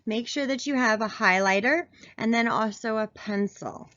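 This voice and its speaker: A woman's voice: on the high side, moderate pace, fairly bright tone, no echo. A woman teacher giving a remote grammar lesson to children from outdoors, patient and encouraging. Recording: dull lo-fi sound.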